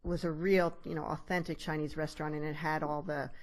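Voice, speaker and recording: A woman's voice: sits low, little pitch movement, a little fast. An older woman, a grandmother hosting an interview, telling stories in a chatty way and laughing often. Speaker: host. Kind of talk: conversational interview.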